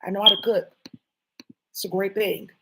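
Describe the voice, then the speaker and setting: A woman's voice: mid-range voice, level tone, normal speed, heavy background noise. A woman vlogger talking to her viewers in a rambling, jumpy monologue, swearing often.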